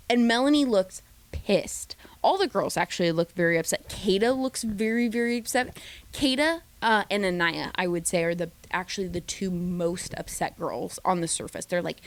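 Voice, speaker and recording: A woman recapping a reality dating show in a chatty, gossipy way, slipping into quick mimicked voices of the cast. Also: medium pitch, gravelly. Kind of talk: casual recap commentary.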